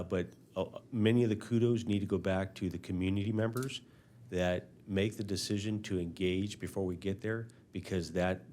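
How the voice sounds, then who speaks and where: A man speaking as fire chief at a council meeting, halting and full of filler words. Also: deep voice, a little mellow, slight background noise.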